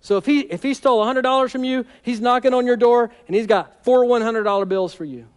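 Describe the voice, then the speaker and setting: A man's voice: very high voice, fast talker, clear, resonant tone. A man preaching a sermon in a conversational, humorous and emphatic way. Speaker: pastor.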